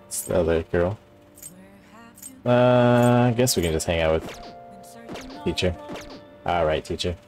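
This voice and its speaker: A man quietly thinking aloud as he plays a game, in casual commentary. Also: slow pace, long pauses, faint music behind. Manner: low-key muttering, thinking aloud. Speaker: gamer.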